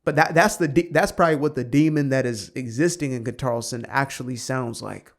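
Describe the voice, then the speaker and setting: A man reading an article aloud and commenting on it with sarcastic asides. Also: medium pitch. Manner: sarcastic asides, quick offhand remarks. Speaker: online commentator.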